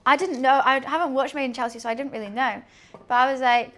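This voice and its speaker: High-pitched young girl streaming, rambling through a story, laughing a lot. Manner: animated storytelling, quick asides, laughs often. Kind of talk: casual chat to a stream audience.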